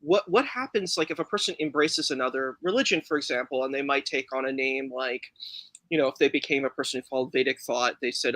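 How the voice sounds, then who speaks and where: A man's voice: medium pitch, brisk, bright, forceful tone, dry recording, low-quality recording. A man interviewing a guest, asking questions in a curious, polite way.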